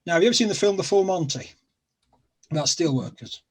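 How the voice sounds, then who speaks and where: A middle-aged man with a Sheffield accent chats about local life as a guest, rambling and circling back with lots of fillers. His voice is a little husky and sits slightly high for a man. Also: animated, fast talker. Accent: Sheffield, South Yorkshire. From England. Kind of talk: casual chat.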